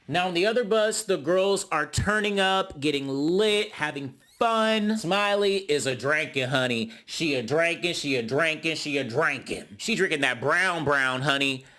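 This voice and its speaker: Sassy young guy reviewing reality tv, a bit high-voiced, dramatic. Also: a little slow, few pauses, sharp tone. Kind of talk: casual commentary recap.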